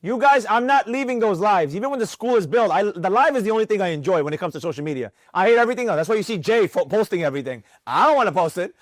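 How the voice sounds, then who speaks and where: A man with a high, light voice leads a trading mentorship class in front of students. He talks in an animated, preachy way and hammers his points home by repeating them. The sound is dry and close, with no room echo. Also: very fast, hardly any pauses. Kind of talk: live mentorship class talk.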